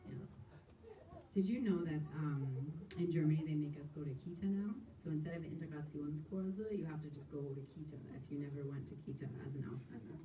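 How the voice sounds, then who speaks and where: A woman's voice: low-pitched, a little fast, highs cut off. A woman in her thirties with a Long Island accent, hosting a stand-up crowd-work set, rambling, giggly and self-deprecating. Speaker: comedy host. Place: small comedy club stage. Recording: echoey club heard from a distance. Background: audience laughter and room noise.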